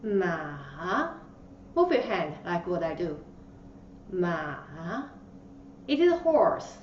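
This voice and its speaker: A woman's voice: lowish voice, sing-song, moderate pace, a little mellow. A woman teaching beginners the tones, patiently drawing out each syllable. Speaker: Chinese language teacher. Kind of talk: slow instructional lesson. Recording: roomy, distant, slightly dull mic with faint hiss.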